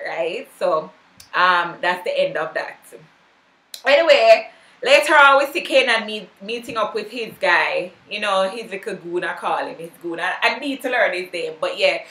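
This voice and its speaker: A woman's voice: medium pitch, bright, forceful tone. Chatty woman recapping a show. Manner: chatty, gossipy, opinionated. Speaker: vlogger. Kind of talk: casual TV episode recap. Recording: roomy echo.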